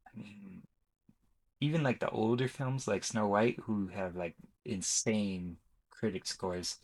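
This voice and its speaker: In casual, rambling commentary, a young YouTuber works through his film rankings, often fixing what he says mid-sentence. His voice is lowish and the recording is rough.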